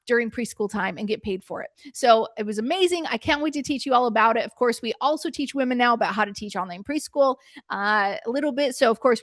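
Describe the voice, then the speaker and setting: A middle-aged woman presenting a workshop as a preschool business coach. She tells stories in an animated way and acts out her own past reactions. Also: fairly high pitch, no echo, studio quality.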